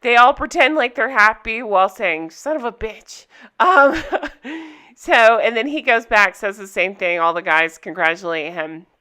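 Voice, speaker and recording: A chatty young woman vlogs a reality TV recap straight to her viewers, casual and candid, laughing often. Her slightly high voice is bright and forceful, with smooth, crisp tone, lively intonation and a measured pace.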